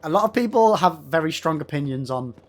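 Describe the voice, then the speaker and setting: This English streamer, whose Midlands accent comes through, chats loosely with viewers mid-game, responding to their messages by name and cursing without restraint. He sounds a little high, animated and a bit quick.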